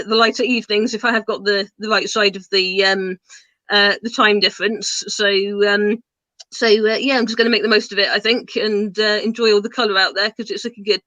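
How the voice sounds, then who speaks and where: A woman on a casual online gardening show, talking hesitantly with many pauses over a video call. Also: mid-range voice, bright, forceful tone, no echo. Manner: hesitant, many fillers and restarts. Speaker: gardening panelist. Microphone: video call mic.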